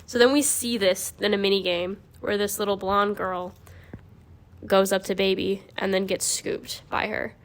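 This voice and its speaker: A woman's voice: mid-range voice, steady tone, normal speed. Rambling young woman, full of filler. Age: young adult. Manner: rambling, peppered with 'like'. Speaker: podcast host. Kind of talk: casual chat.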